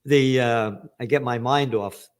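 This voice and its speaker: A man's voice: medium pitch, steady tone, measured pace, smooth. An older man hosting a news commentary, ranting angrily and profanely, with sarcastic emphasis as he reads out headlines.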